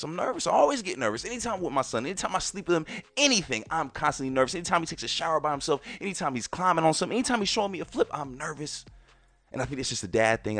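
Animated man hosting a podcast. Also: mid-range voice, no echo. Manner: emphatic and repetitive, often addressing ladies and gentlemen. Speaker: podcast host. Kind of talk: casual monologue to listeners.

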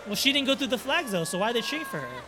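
Excitable man chatting over a film. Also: very high voice, racing, over music. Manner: animated, chatty, laughs often, talks back at the screen. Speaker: reaction video host. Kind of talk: casual reaction commentary.

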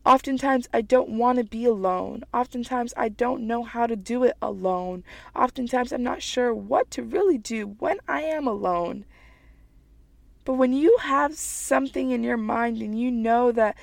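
A woman's voice: fairly high pitch, measured pace, creaky, dry recording. A woman giving a heartfelt motivational monologue as a writer, earnest and emphatic, repeating phrases as she gets emotional and teary. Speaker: writer sharing personal reflections.

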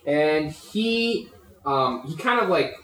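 A man's voice: on the high side, expressive, takes it slowly, recorded from a distance, noisy background. Man running a tabletop game in an echoey room. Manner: hesitant, many fillers. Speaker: game master.

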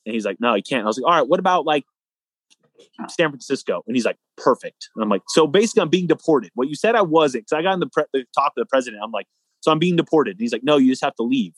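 A young man, a guest athlete, telling a long story in a casual, animated way, acting out both sides of the dialogue. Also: medium pitch, fast, no echo.

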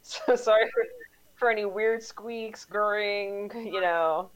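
A woman's voice: medium pitch, slow pace, rough recording. Chatty woman on a call. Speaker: podcast co-host. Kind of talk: casual chat over a video call.

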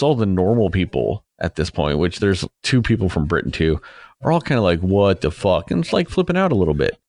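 A young movie reviewer with a low, creaky, darkish voice recaps a film in a casual, rambling way. He's sarcastic, swears a lot, and slips into mocking voices for the people he describes.

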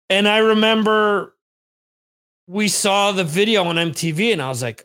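A man's voice: high-pitched, measured pace, long pauses, sharp tone. A man hosting a podcast, telling rambling stories in a casual monologue, often cursing. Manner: rambling, profane storytelling. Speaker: podcast host. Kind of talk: casual monologue, answering listener questions. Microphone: on camera, streamed video.

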